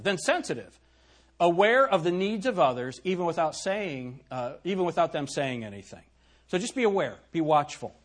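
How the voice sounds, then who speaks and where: Husky, animated man preaching. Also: on the high side. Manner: animated preaching, rhetorical questions to the congregation. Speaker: pastor. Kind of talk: sermon. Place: church.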